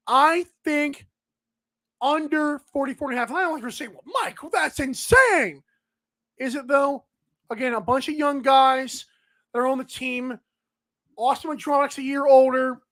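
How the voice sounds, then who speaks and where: A woman's voice: sits high, fairly even intonation, normal speed. A woman hosting a sports betting podcast, rambling casually and talking straight to the players she discusses.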